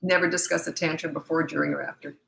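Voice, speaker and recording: A woman's voice: sits low, steady tone, fast, creaky, a bit bright, slight background noise. A middle-aged woman parenting coach answering viewer questions in a live Q&A, blunt, confident and emphatic. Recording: echoey room.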